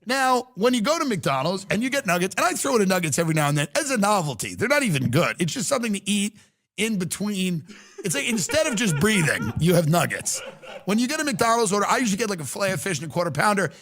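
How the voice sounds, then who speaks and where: A man's voice: high-pitched, very animated, fast talker, fairly bright tone. A man hosting a podcast, delivering a profane, sarcastic comedic rant full of exaggeration. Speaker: podcast host.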